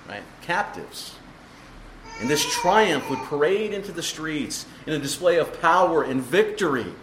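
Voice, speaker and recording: A man's voice: a little high, noisy background. A man preaching an expository sermon, explaining the text emphatically and asking the congregation rhetorical questions. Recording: echoey room with faint ambience.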